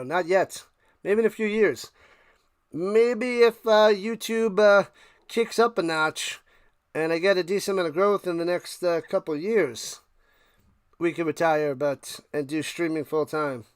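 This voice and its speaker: A man streaming live play-by-play of a football game, chatting casually with viewers and getting loud on big plays, with a tickle in his throat. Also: high voice, clean tone, no room sound, studio quality. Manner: thanks chat viewers by name between game calls; rises loud and fast calling big plays. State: clearing his throat and coughing.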